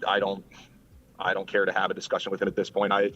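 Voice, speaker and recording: Fast-talking, blunt, profane male caller. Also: low voice, monotone, fairly bright tone, a little hiss or hum. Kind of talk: casual call-in banter. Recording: dull lo-fi call audio with faint music.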